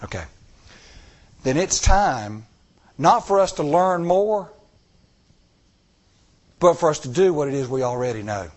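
Middle-aged guy preaching, lively storyteller, voice a bit higher than most men, repeats lines for punch. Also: measured pace, long pauses. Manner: animated storytelling, acts out dialogue, repeats phrases for emphasis. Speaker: church elder preaching. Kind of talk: sermon.

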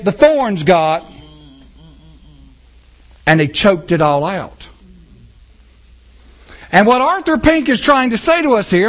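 A man preaching a sermon as pastor in his church, his voice pitched high. He swings widely up and down with passion and calls out to the congregation as he goes. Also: a bit bright. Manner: impassioned, talks with the congregation.

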